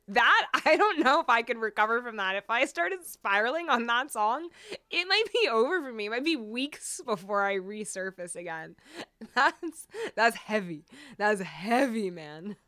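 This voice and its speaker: A woman's voice: fairly high pitch, lively intonation, measured pace, bright, forceful tone, no room sound. A woman livestream host chatting casually and emotionally between songs, reading out viewers' comments, with many fillers and laughs. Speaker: streamer and singer.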